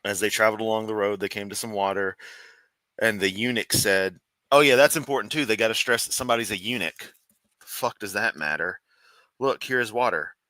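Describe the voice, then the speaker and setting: A man's voice: lowish voice, brisk, pushed and bright, no echo. A man from the United States hosting a casual reaction stream from his room at home, swearing often and rambling sarcastically. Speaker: streamer host.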